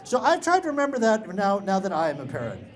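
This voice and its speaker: Brief: middle-aged man, fairly high voice, live storyteller, dry self-mocking humor. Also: huge pitch swings, fast talker, background noise. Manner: wry, self-deprecating humor. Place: live show at a beach-bar venue.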